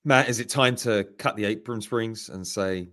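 A man's voice: lowish voice, normal speed, fairly bright tone. A man hosting a football podcast, playful and asking probing questions in casual chat.

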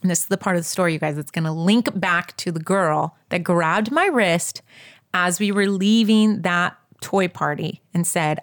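A woman telling a personal story in a casual, animated way, talking straight to her listeners and skipping details with quick filler. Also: fairly low pitch. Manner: animated, addresses listeners as "you guys"; fills gaps with "da, da, da".

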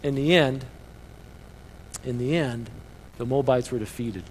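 Man, pastor, sermon, mid-pitched voice, lively shifts in energy, faint background noise. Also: measured pace. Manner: preaching with rising excitement and quieter reflective asides.

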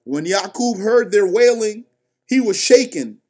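A man telling a religious story, reciting scripture, then explaining it line by line in a slow, deliberate manner. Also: sits high, expressive, darkish tone.

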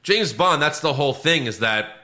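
A man in casual movie-review chat, ranting with swearing, his voice jumping high when he gets outraged. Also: animated, moderate pace, pushed and bright. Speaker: podcast co-host.

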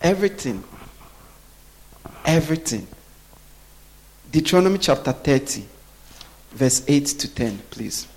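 Male preacher, slightly high voice, call-and-response sermon style. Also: big pitch swings, a little slow, pauses often, darkish tone. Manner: asks the congregation to finish his sentences.

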